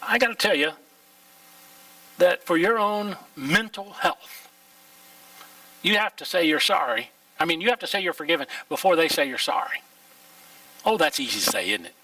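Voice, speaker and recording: A man's voice: high-pitched, pushed and bright, no room sound, far from the mic, low-quality recording. An older male pastor, preaching a folksy sermon in church and throwing out rhetorical questions. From Oklahoma, USA. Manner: folksy, plain-spoken, full of rhetorical questions. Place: church sanctuary.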